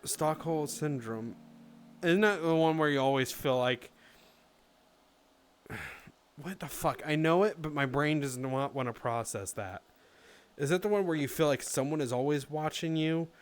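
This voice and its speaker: A man's voice: on the high side, unhurried, long pauses. Chatty, foul-mouthed streamer guy. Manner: chatty, swears freely, reads chat aloud. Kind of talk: casual live-stream chat.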